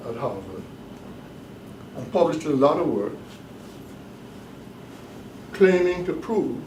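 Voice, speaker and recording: A man's voice: on the high side, sing-song, darkish tone, slight background noise. Emphatic lecturing man in an echoey room. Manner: deliberate, emphatic, repeats key points. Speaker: professor leading a course. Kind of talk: classroom lecture. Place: bookstore cafe classroom. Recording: echoey room, mic at a distance.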